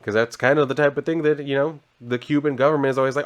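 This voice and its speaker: A man's voice: medium pitch, fairly even intonation, quick pace, few pauses. Chatty sarcastic man recapping comics. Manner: sarcastic, chatty, swears casually. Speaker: comic book reviewer. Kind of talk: casual comic book recap.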